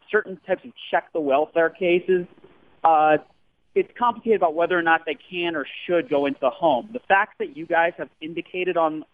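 A man calling in to a radio show, speaking carefully and hedging like a lawyer. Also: on the high side. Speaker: caller. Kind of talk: phone-in commentary. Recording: phone line.

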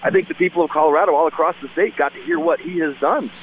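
Hoarse senator on a tinny phone line. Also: male voice, fairly high pitch, fast talker, a little hiss or hum. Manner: upbeat talking points with many fillers. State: voice nearly gone. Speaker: senator, guest. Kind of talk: phoned-in radio interview.

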